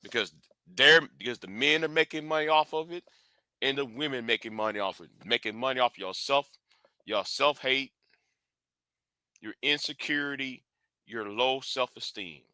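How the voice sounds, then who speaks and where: A man's voice: medium pitch, moderate pace, bright, forceful tone, clear, resonant tone, no room sound, clean studio sound. A man hosting a live stream, speaking bluntly and confrontationally, often restarting and repeating words.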